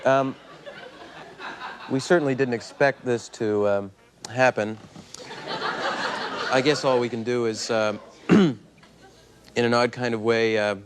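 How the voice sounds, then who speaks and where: Wry, understated talk show host. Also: male voice, medium pitch, steady tone, slow pace, pauses often, crowd noise. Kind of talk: dry talk show banter. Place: TV studio with audience. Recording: noisy broadcast tape with audience.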